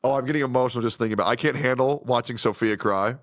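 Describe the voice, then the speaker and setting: A man in his thirties, a streamer, chatting casually and emotionally, rambling on about his friends. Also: racing. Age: 30s. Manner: rambling, emotional, puts on high voices when quoting friends.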